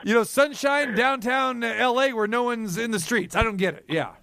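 A man's voice: very high-pitched, normal speed, vocal fry, bright, forceful tone, slight background noise. A man hosting a sports talk radio show, playful and jokey, reading ads between segments. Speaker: radio host.

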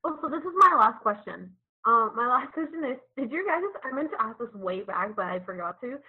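Young woman, animated storyteller, slightly high and husky, lo-fi phone sound. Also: fairly quick. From Mexican family. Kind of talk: casual chat.

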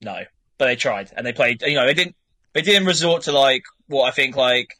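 A man's voice: medium pitch, animated, normal speed, sharp tone, dry recording. A young man co-hosting a casual football chat, rambling and swearing freely. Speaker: podcast co-host.

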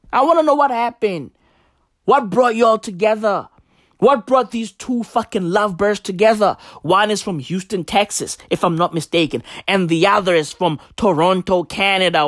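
This podcast host speaks in a mid-range voice, captured cleanly in a studio with no echo. She rants for laughs, swearing constantly and tossing out rhetorical questions.

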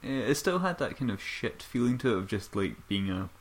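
A man's voice: on the low side, very animated, a little fast. A man co-hosting a podcast, chatting about a film with jokey asides and frequent laughs. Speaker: podcast co-host. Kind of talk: casual film chat.

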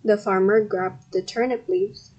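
A woman hosting a podcast reads a children's story aloud carefully, with loud animal noises and shouts for the characters. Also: mid-range voice, fairly even intonation, slightly rough, highs cut off. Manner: slow, careful reading with bursts of loud sound effects. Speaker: podcast host and story reader.

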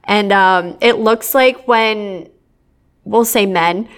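A woman's voice: mid-range voice, slow pace. A young adult woman co-hosting a podcast, talking bluntly and sarcastically and laughing often. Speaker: podcast co-host. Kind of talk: casual banter.

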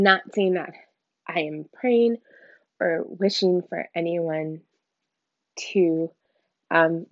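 A woman's voice: mid-range voice, no room sound. A woman giving a candid, emotional personal faith testimony in informal, slangy speech. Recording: dull lo-fi dry recording.

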